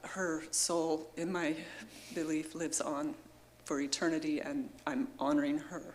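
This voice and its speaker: A woman's voice: deep voice, level tone, a little slow, darkish tone, a little hiss or hum. A middle-aged woman giving an earnest, heartfelt memorial tribute into a microphone at a gathering, her voice emotional. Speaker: memorial speaker.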